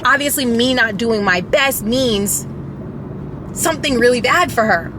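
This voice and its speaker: A woman's voice: fairly high pitch, lively intonation, measured pace, noisy background. A woman vlogger telling a storytime in casual chat, rambling with many fillers and restarts, candid and emotional, now and then profane.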